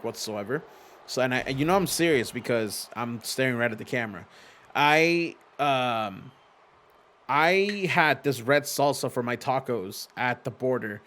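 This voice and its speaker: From a home green-screen setup, a father of young children runs a laid-back livestream of his simulated wrestling league. His medium-pitched voice is a bit bright, and he talks with viewers, reads their messages aloud, swears, and laughs easily.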